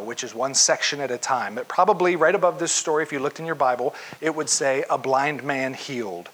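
Man preaching, kinda high voice, bright n a bit husky, tells the story with lots of feeling. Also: poor audio. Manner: expressive storytelling, acts out the scene. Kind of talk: sermon.

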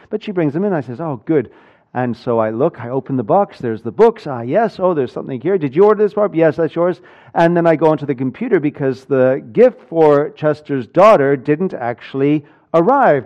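Male pastor, fairly high voice, lively sermon storyteller; muffled lo-fi recording. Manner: animated, swings between loud and hushed.

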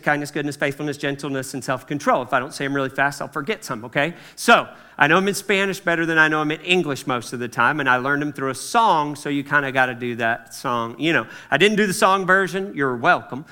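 A man's voice: fairly high pitch, bright, forceful tone. A pastor preaching a conversational sermon to his congregation, often checking in with "okay?" and acting out what people say. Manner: acts out quoted voices, slows for emphasis.

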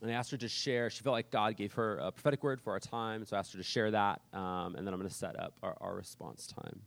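A man preaching a sermon as pastor, earnest and conversational, moving between loud emphatic bursts and soft, quiet reading. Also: fairly low pitch, fairly even intonation, quick pace, creaky.

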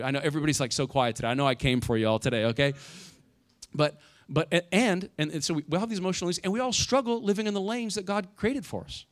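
A middle-aged male pastor preaching in a relaxed, conversational way, leaning on little "right?" tags. His voice sits a bit higher than most men's and moves a lot, rising into loud emphasis and then dropping low and soft. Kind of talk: sermon.

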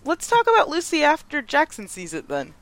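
Upbeat lady on a movie podcast, laughs a lot, kinda high voice. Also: wildly swooping pitch, brisk. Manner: enthusiastic, laughs easily. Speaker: podcast co-host. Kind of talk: casual podcast chat.

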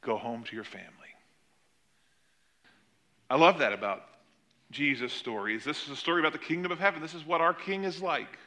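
A man preaching a sermon, retelling a parable with animated emphasis. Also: fairly high pitch, a little fast, long pauses. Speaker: pastor.

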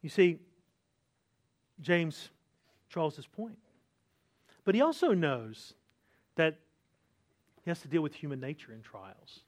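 A man's voice: fairly high pitch, very animated, takes it slowly, long pauses, a little mellow. A pastor preaching a sermon in a conversational way, often checking in with his listeners by asking "right?". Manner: acts out complaining voices with sighs.

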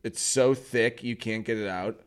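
A man's voice: fairly low pitch, unhurried, very noisy. A man co-hosting a morning show in casual chat, teasing his partner and laughing often. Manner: teasing, giggly banter.

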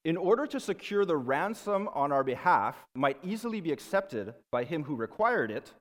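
A man giving a classroom lecture to students in a lively, conversational way, often checking in with his listeners. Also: fairly high pitch, moderate pace, big-room sound.

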